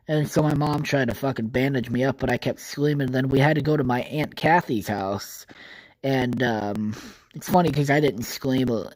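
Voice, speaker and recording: A man's voice: medium pitch, darkish tone, low-quality recording. Rambling young man, swearing nonstop. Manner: rambling, swears constantly, many filler words. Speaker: podcast host. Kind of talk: casual solo podcast monologue.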